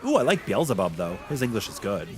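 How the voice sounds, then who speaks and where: Male streamer, casual and opinionated, lively pitch, faint music underneath. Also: fast. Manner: chatty and opinionated, reacting to chat. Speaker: game streamer. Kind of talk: casual live-stream chat.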